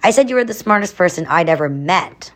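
A woman's voice: lowish voice, expressive, brisk, a bit bright. A woman voicing an upbeat, resourceful young girl in a storybook reading, confident and breezy.

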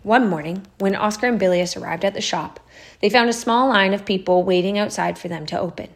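Gravelly-voiced woman reading a storybook. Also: medium pitch, brisk. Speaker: narrator. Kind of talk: storybook narration.

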